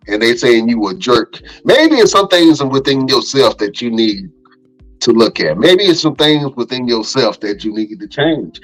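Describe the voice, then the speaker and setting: A man on a podcast panel, giving earnest, reflective advice in a casual, measured way. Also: mid-range voice, poor audio.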